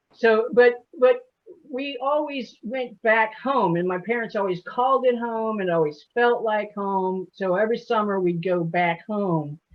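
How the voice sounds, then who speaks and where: A woman in her sixties from Alabama, a poet telling chatty, folksy stories in an interview and laughing often. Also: mid-range voice. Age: 60s. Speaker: poet guest. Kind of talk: casual interview storytelling. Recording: muffled lo-fi audio.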